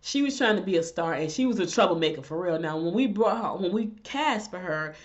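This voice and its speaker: A middle-aged woman with a blend of Southern and Northern US accent, hosting and telling stories in casual chat, animated and direct. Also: fairly low pitch, fairly quick. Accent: mix of Southern US and Northern US. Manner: animated storyteller, chatty and direct. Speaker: host. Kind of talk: casual chat and horoscope reading. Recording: dull lo-fi recording.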